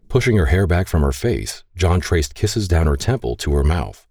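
A man narrates a romance audiobook in an extremely deep, husky voice. His intonation rises and falls in a lively way, and the tone stays dark and mellow. The recording is dry and close. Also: normal speed, no room sound.

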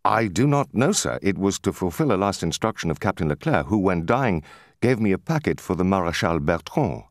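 A man's voice: deep voice, big pitch swings, a little fast, dry recording, clean studio sound. Man reading an earnest young sailor. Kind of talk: audiobook character voice.

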